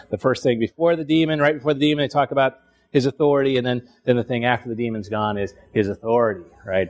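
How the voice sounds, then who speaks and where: A man teaching a Bible lesson in a conversational way, often restarting phrases and checking in with "right?". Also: medium pitch.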